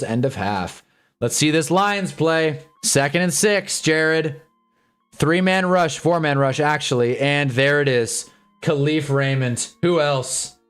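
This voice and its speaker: A man's voice: fairly high pitch, clean tone. A tired young man giving casual, rambling live football commentary with sarcastic asides. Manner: laid-back, rambling, sarcastic asides, frequent "whatever" and "anyway". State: tired, yawning. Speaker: football watch-along streamer.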